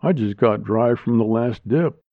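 A man playing a wry, wisecracking younger man who speaks quietly, in a tinny, phone-like recording. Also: mid-range voice, unhurried, no room sound, lightly acted. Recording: tinny phone-like dry sound.

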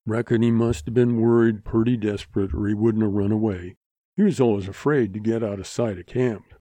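A man's voice: lowish voice, steady tone, brisk, mellow, no room sound, lightly acted. A man doing a sly drawling young cowboy. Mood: mournful. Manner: folksy, feigned mournful. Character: young Texas cowboy, sly and smooth-talking.

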